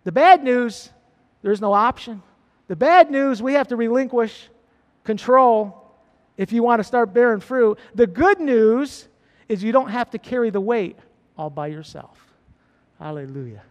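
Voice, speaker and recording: Pastor guy preaching, really high voice, repeats stuff and gets worked up, echoey church hall. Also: animated, measured pace. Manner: repetitive, rising to fervent emphasis. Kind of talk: sermon.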